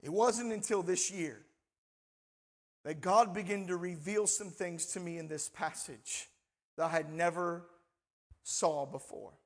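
A man preaching a sermon and reading scripture aloud, slow and emphatic, asking his listeners rhetorical questions. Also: sits high. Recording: long reverb in a large hall.

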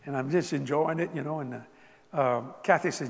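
A man preaching a storytelling sermon, chatty and laughing along, swinging between loud exclamations and hushed near-whispers. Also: a little high, fairly quick, big-room sound. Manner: conversational, laughs with the crowd.

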